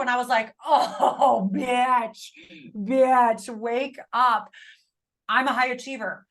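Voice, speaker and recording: A woman's voice: on the high side, pushed and bright. A woman in her thirties hosting a casual chat, blunt and emphatic, swearing freely. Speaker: podcast host.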